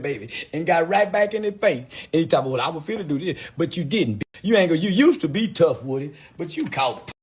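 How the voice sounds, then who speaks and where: Cackling, taunting man with a lively voice. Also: a little high, husky. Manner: mocking, cackles often between lines. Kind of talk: taunting livestream rant.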